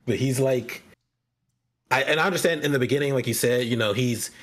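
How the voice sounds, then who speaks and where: A man's voice: mid-range voice, brisk. A man co-hosting a casual chat show, voicing frank complaints and often repeating words. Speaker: podcast co-host.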